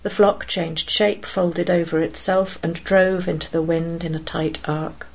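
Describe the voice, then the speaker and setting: A woman narrating a story aloud in a steady, measured way. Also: lowish voice, vocal fry, slightly rough, low-quality recording.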